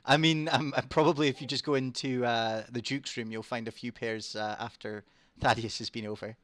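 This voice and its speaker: A man's voice: mid-range voice, fairly even intonation, fairly quick, fairly bright tone, dry recording. A British man running a tabletop game as dungeon master, hesitant and laughing often. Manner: hesitant, full of ums and laughs.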